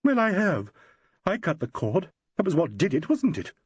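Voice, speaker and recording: A man reading an audiobook voices a shaken young actress, pitching his voice up as she speaks urgently and on the edge of hysterics. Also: big pitch swings, normal speed, breathy edge, dry recording, dull audio. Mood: distraught. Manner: trembling, urgent, rising to near hysterics.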